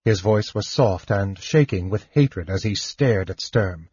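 Male audiobook narrator, steady storytelling, husky, low, dry, dull lo-fi sound. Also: unhurried, hardly any pauses, dry recording. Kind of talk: scripted narration. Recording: muffled lo-fi audiobook recording.

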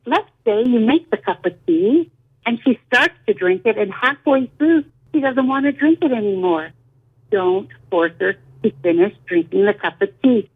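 A woman's voice: on the high side, husky. A middle-aged woman talking candidly as a guest, in an earnest, emphatic way. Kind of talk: candid conversation. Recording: tinny phone line.

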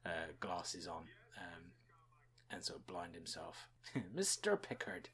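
A man's voice: sits low, flat delivery, takes it slowly, bright, forceful tone. A man hosting a podcast, musing chattily about a TV episode with fillers and chuckles. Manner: chuckles often. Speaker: podcast host reviewing a TV episode. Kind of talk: casual spoken commentary.

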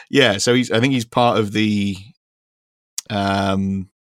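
A man's voice: lowish voice, fairly even intonation, slow pace, no room sound, clean studio sound. A young man co-hosting a casual football podcast, rambling and laughing often, with casual swearing. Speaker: podcast co-host.

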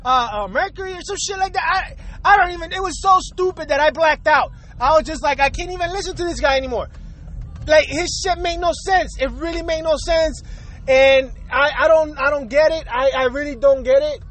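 A man's voice: extremely high pitch, a little fast, a bit bright. A young man hosting his own podcast, ranting in a profane, exasperated way and repeating himself a lot. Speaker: podcast host. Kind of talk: solo rant podcast.

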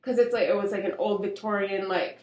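A woman's voice: medium pitch, fairly even intonation, fairly quick, darkish tone. A woman co-hosting a casual podcast, rambling with lots of "like" and "you know" and laughing often. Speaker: podcast co-host. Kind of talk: casual chat. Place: home room with poor soundproofing. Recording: echoey room.

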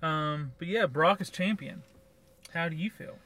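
A man's voice: on the high side, a little slow, a bit bright. A man co-hosting a podcast, giving blunt, sarcastic opinions in casual review chat. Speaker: podcast co-host.

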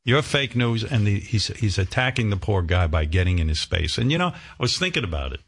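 A middle-aged man hosting a talk radio show in a lowish voice. He rants with heavy profanity and plenty of indignation, often working himself up. His delivery is casual and conversational. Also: very animated, quick pace, creaky, husky.

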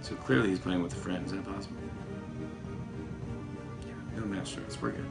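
A man giving casual, playful commentary while playing a mobile game, excitable and trash-talking his opponents. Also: low voice, moderate pace, pauses often, over music. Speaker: talk show host.

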